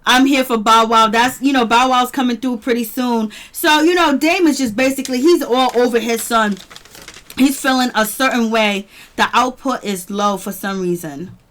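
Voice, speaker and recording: A woman's voice: a little high, normal speed, a bit bright. A woman hosting a casual live-chat review stream. She greets viewers by name and laughs often. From near Boston, US. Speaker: livestream host reviewing a reality show.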